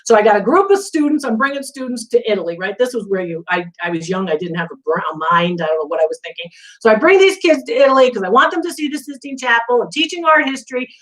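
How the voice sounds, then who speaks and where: Middle aged lady appraiser on a live stream, high voice, rambles into lively stories. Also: fast talker, rough recording. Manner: chatty storyteller, animated, many asides. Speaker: antiques appraiser hosting a live Q&A. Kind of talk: casual live-stream chat.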